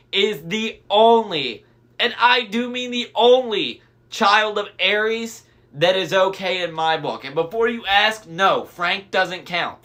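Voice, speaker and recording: A young man reading a novel aloud, his voice a touch higher than most. He narrates with energy and keeps stopping for excited, chatty fan asides. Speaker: audiobook reader.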